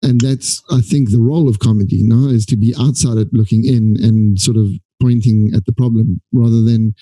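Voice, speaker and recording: Very dark-voiced male podcast host. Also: mid-range voice, fairly even intonation, brisk, no echo, poor audio. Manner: enthusiastic, searching for words. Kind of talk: casual conversation.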